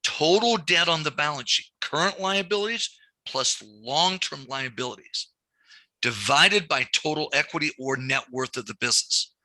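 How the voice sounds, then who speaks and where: A man's voice: fairly high pitch, normal speed, bright, forceful tone, no room sound. A man teaching a lending class, repeating key points and telling stories from his banking days. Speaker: banking instructor. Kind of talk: classroom lecture.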